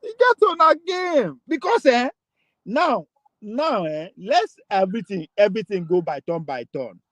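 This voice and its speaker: A Nigerian man hosting a casual political chat in Pidgin and English, animated and argumentative, often laughing. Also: sits high, a little slow, no room sound, poor audio. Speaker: political talk show host.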